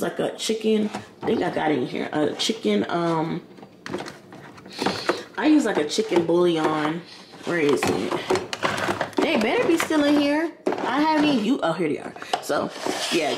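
Woman, casual vlog chatter, slangy, home kitchen, background noise. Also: lowish voice. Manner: chatty, rambling, slangy, addresses viewers as y'all and girl. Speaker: vlogger. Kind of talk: casual chat to camera. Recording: echoey room with background noise.

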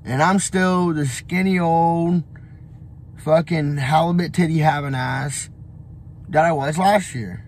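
A young man with a slightly high voice gives a loose, profane motivational rant on a travel vlog. He rambles, repeats himself and leans on fillers. A faint hum of noise sits behind him. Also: slow, long pauses. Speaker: vlogger. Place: on the road, traveling.

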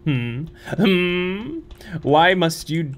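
A man's voice: a little high, expressive, very slow. Jumpy young man narrating a horror game. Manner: jumpy, nervous and chatty, muttering to himself with squeals and laughs. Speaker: let's play streamer. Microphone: studio microphone.

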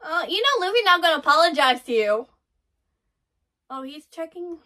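A woman hosting an anime reaction, talking excitedly over what she watches, gasping, laughing and swearing. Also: extremely high pitch, normal speed, pauses often. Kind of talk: live reaction commentary.

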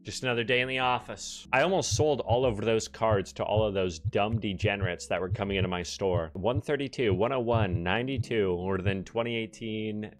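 A man's voice: on the low side, brisk, few pauses, faint music behind. A young Canadian man with a Canadian accent, streaming a shop game and joking crudely with his chat. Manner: brash, crude, jokey, talks to chat. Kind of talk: joking gameplay commentary.

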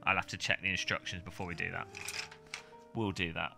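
A man's voice: sits low, little pitch movement, brisk, creaky, over music. A man streaming a casual unboxing, rambling and joking as he reads out foreign words in silly voices. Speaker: tech streamer.

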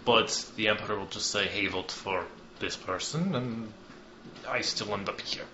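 A man's voice: fairly low pitch, moderate pace, noisy background, natural voice. A man voicing a female council delegate in a tabletop game, protesting in his own everyday voice, on a dull, roomy recording.

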